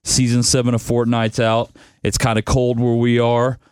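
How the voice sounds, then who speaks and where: A man's voice: mid-range voice, completely flat delivery, moderate pace, darkish tone, clean tone, dry recording. A young man hosting a casual sports-betting podcast, laid-back and grumbling that he is tired. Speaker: podcast host picking football bets.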